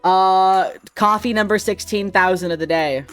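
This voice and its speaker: A man's voice: high voice, normal speed, fairly bright tone, smooth, soft background music. A man streaming live, chatting casually with viewers in a rambling way, laughing often and swearing freely.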